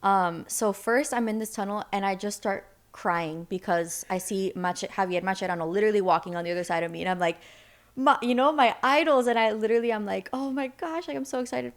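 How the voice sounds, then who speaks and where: A woman's voice: fairly quick, hardly any pauses. Chatty young woman telling stories animatedly. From Seattle, United States. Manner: animated storyteller, acts out quoted voices with sudden high pitch. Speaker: podcast guest. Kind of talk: casual storytelling chat.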